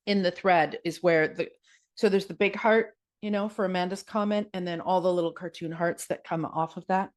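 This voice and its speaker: A woman with a Canadian accent hosting her own podcast in a chatty, upbeat way, reading listener comments aloud. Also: medium pitch. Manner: chatty, upbeat, laughs easily. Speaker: podcast host and yoga teacher.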